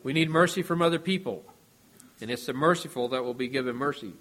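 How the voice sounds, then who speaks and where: Earnest preacher man, mid-pitched. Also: fairly bright tone. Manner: measured and earnest, voice dropping at phrase ends. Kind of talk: sermon.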